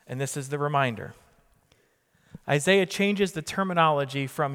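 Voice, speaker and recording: A man preaching with emphatic repetition and questions thrown to his congregation. His voice sits fairly high for a man. Long reverb trails each phrase, as in a big church sanctuary. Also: normal speed, a bit bright, clear, resonant tone. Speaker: pastor. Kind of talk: sermon.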